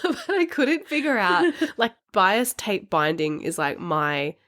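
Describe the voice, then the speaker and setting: A young woman co-hosting a book podcast, telling rambling stories that keep dissolving into giggles. Her voice sits at an ordinary middle pitch. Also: sing-song, slow pace, a bit bright. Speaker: podcast co-host. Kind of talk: casual chat.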